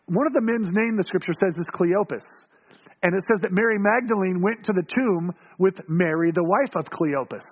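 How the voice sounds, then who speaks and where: A male pastor preaching a sermon, telling the story with animated acting-out of voices and frequent chuckles. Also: high-pitched, normal speed, lo-fi sound.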